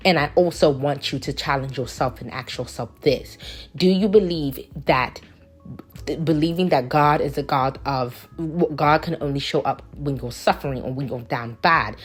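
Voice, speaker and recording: Low husky woman in a put-on British accent. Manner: rambling, filler-heavy, preachy asides. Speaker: nail artist. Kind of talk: casual chat over a nail tutorial.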